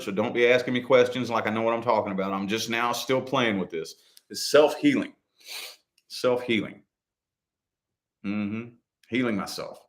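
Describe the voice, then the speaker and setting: A man's voice: medium pitch, fairly bright tone. Man telling a story loosely, cursing freely. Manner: loose, profane, repeats his phrases. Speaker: co-host of a couple's vlog. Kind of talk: casual storytelling chat.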